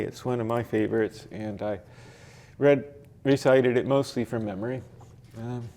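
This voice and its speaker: A man leading a library poetry workshop, explaining sonnet form slowly with frequent fillers and restarts. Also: medium pitch, vocal fry, darkish tone. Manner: slow, halting explanation with many fillers and restarts. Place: library meeting room.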